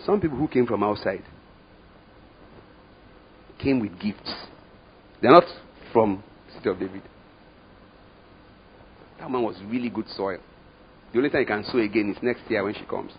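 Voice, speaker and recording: A man with a Nigerian accent preaching a sermon, moving from hushed asides to loud, slow, emphatic lines. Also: on the low side, slight background noise. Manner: dramatic swings from hushed to loud, slow emphatic scripture reading. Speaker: pastor. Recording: dull lo-fi sermon recording.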